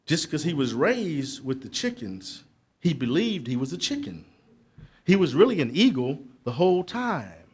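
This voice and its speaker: A middle-aged man, giving a motivational speech to young people at a conference, preacherly and building to loud emphatic peaks with asides to the crowd. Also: a little high, very animated, moderate pace, breathy edge. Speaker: motivational speaker. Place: conference hall.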